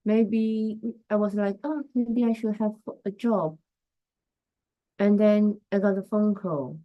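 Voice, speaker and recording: A woman's voice: medium pitch, mellow. A woman hosting a casual live stream as a coach, talking reflectively and greeting viewers by name. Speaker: host and coach.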